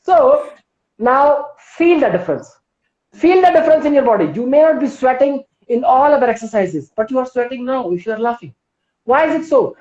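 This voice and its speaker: This yoga instructor speaks in a high-pitched, animated, slightly mellow voice, moving a little fast as she gives a live-streamed wellness talk. She has an Indian English accent and persuades viewers with plenty of questions. Her phone or laptop mic yields a roomy, dull, lo-fi feed.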